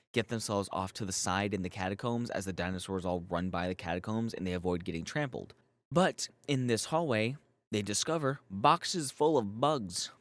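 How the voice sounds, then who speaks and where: A man giving a casual, rambling episode recap as a YouTube reviewer, swearing often and filling with "like". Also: deep voice. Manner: profane, rambling, full of "like" fillers.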